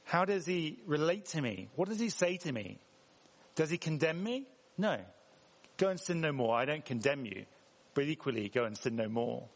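Very animated and at normal speed, an English preacher with a high-leaning voice addresses his congregation in a reverberant church hall. His tone is conversational, and he asks them questions as he goes.

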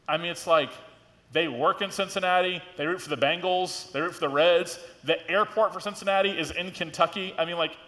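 A middle-aged male pastor preaches in a loose, conversational way, leaning hard on key words. His voice sits at an ordinary middle pitch. The sound carries a long reverb from a church hall. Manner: conversational, animated preaching with frequent "like" and rising emphasis. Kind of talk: sermon. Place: church sanctuary.

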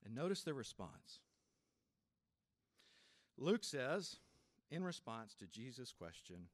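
A male pastor giving a sermon in a reflective, unhurried way, with soft laughs and sudden drops from a firm voice to a near hush. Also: mid-range voice, big pitch swings, no echo, clean studio sound.

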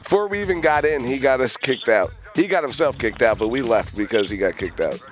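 A man's voice: mid-range voice, brisk, faint music behind. A man hosting a radio show, telling stories in casual chat and laughing often. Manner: laughs often, animated storytelling. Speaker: radio host. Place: radio studio.

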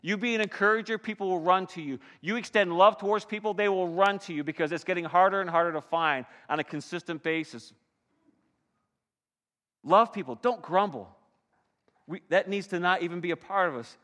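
A pastor preaching a sermon with dynamic delivery, swinging between soft and loud passages. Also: male voice, sits high, a little fast, in a large hall.

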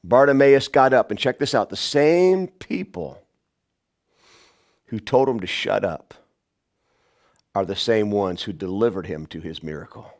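A pastor preaching a sermon, shouting some lines and dropping to a hushed voice on others. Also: male voice, unhurried, vocal fry, pauses often. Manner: dynamic preaching, swings from loud shouts to hushed low lines.

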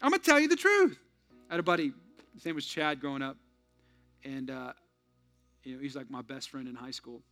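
A male pastor preaching a sermon, telling stories with lively shifts between loud punchlines and hushed, earnest asides. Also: medium pitch, brisk, pauses often, faint music behind.

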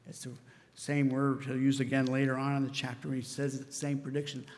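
A man's voice: medium pitch, monotone, fairly quick, big-room sound. A man preaching a sermon in an earnest, conversational way, often asking "right?" of his listeners. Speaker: pastor.

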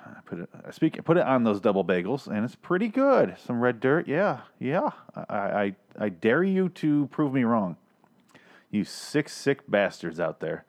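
A man hosting a casual TV review podcast, rambling, sarcastic and profane, often interrupting himself. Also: mid-range voice. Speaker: podcast host reviewing TV episodes.

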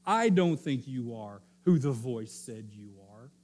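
A man voicing the devil as a sly, taunting male tempter who repeats his dares slowly in a sermon. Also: medium pitch, expressive, a little mellow, lightly acted. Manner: slow mocking challenge, repeated dares.

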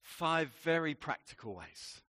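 A man preaching a sermon as a pastor, teaching in a slow, emphatic way with playful asides. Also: a little high, very animated, sharp tone, dry recording, studio quality.

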